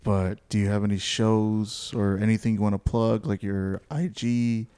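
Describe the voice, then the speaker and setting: A man's voice: lowish voice, steady tone, normal speed, mellow, smooth. A man hosting a casual podcast interview, giving brief, encouraging replies. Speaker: podcast host.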